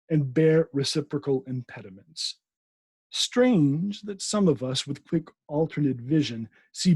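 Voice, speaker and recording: Male podcast host reading a classic novel aloud, husky, dark voice, dry sound, trips over names and corrects himself. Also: medium pitch, dry recording.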